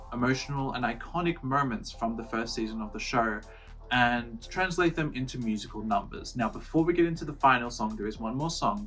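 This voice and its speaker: A man's voice: medium pitch, a bit bright. A young man from Australia chatting casually to camera, playful and rambling, with lots of flustered restarts. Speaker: YouTuber and songwriter. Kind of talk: casual vlog talk.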